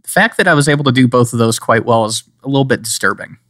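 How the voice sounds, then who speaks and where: A man's voice: mid-range voice, animated, quick pace, fairly bright tone, no room sound, clean studio sound. A man co-hosting a podcast in casual, joking chat, rambling and sometimes slipping into playful put-on accents. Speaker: podcast co-host.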